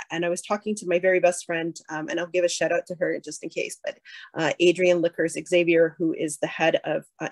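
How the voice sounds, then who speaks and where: A woman's voice: lowish voice, dry recording. A middle-aged woman from Canada giving a keynote speech, candid and hesitant, with many fillers and restarts. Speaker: keynote speaker and professor.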